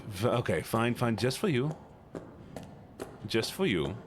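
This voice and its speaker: A man streaming a game and chatting casually with his viewers in a playful, goofy way, jumping into sudden high squeaky exclamations. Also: very animated, slow. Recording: noticeable background noise.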